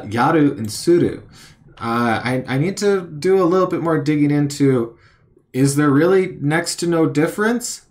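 A man talks through his study session at an unhurried, drawn-out pace, musing aloud. He repeats each word several times as he tries to recall it and mocks his own slips. His voice sits at a middling pitch for a man. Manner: musing, repeats words slowly while recalling, self-deprecating. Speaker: language learner vlogger.

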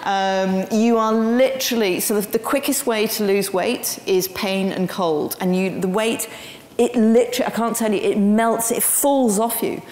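A woman speaks as a guest lecturer and tells her story with lively energy and many ums. Her voice carries through a large room with a long, ringing echo. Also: mid-range voice, normal speed. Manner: animated storytelling with frequent ums. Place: lecture hall. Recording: roomy hall with long reverb.

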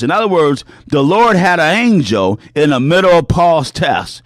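Animated Southern preacher man. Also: fairly high pitch, moderate pace, few pauses, no echo, studio quality. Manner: animated preaching cadence, sing-song emphasis. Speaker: pastor. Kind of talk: radio sermon.

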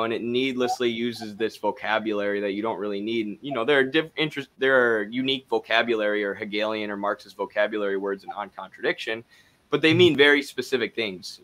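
A man's voice: lowish voice, a bit bright. A man with a Wisconsin accent, co-hosting a casual discussion in a loose, chatty way full of fillers. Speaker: co-host.

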